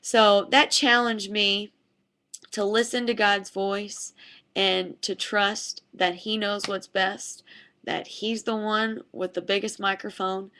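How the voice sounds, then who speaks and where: Young woman fitness instructor chatting to camera, says "like" a lot, retells stuff with voices, ordinary mid-pitched voice. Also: takes it slowly. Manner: chatty, animated retelling with many "like"s, acting out quotes. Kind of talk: casual devotional storytelling to camera.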